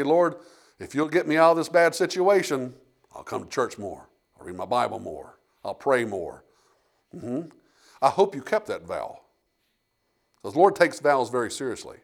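Man, preacher, fairly high voice, emphatic sermon delivery, reads scripture aloud.

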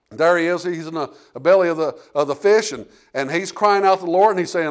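A man preaching a sermon with emphatic delivery, reading scripture aloud and swinging between loud and quiet passages. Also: high-pitched, brisk, smooth. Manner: emphatic preaching, rising and falling in volume, reads scripture aloud.

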